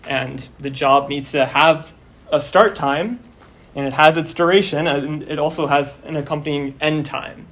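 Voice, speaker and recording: A young man teaching a university class, talking casually and filling pauses with "like" and "um", his voice a bit worn as he starts losing it. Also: a little high, fairly even intonation, a bit bright. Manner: casual, explains step by step with many fillers. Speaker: course instructor. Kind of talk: university lecture.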